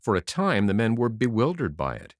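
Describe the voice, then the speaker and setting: A man narrating a classic novel as an audiobook in a dramatic, expressive reading. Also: fairly low pitch, fairly quick, no echo, studio quality.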